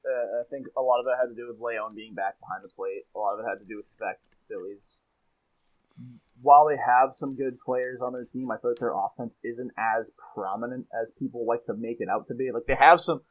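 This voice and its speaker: A man's voice: mid-range voice, brisk, low-quality recording. Hesitant young man, casual chat. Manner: hesitant, restarts often, laughs easily. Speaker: podcast co-host. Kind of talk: casual sports podcast chat.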